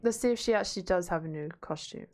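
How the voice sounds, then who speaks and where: Her voice is on the low side and darkish, delivered at a quick pace. The streamer, a woman with a Yorkshire accent, plays a video game while chatting casually, reading chat out and swearing freely.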